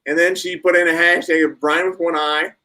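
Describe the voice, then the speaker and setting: A man hosting a live online show speaks in a bright, slightly high voice. He keeps an upbeat tone, moving between quick reactions and reminders to his audience. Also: level tone, low-quality recording. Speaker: host.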